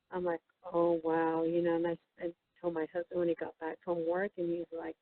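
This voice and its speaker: A woman guest telling a story in a halting, casual way, with many fillers and restarts as she quotes other people. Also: lowish voice, level tone, dry recording. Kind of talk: casual storytelling over the phone. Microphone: telephone. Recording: tinny dry phone line.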